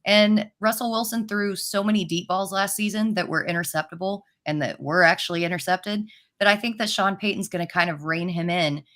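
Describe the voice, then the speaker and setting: A woman's voice: medium pitch, brisk, fairly bright tone. A woman fantasy football analyst talking casually on a panel, with a chatty manner.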